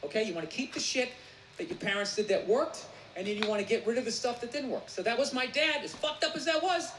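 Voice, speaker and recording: A man performing a stand-up routine on a theater stage, ranting and profane, often bursting into shouting. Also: very high-pitched, animated, quick pace. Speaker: stand-up comedian. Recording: roomy live venue with audience noise.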